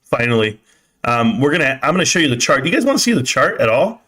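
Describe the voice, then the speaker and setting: Fast-talking and forceful, this man's bright, medium-pitched voice has a sing-song lilt as he hosts a casual live stream. He rambles, reads out viewer comments, and occasionally curses.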